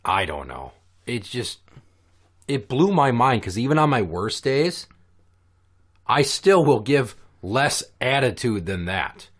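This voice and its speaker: A man hosting a casual podcast, telling stories in an animated, profane way. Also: mid-range voice, slow pace. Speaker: podcast host.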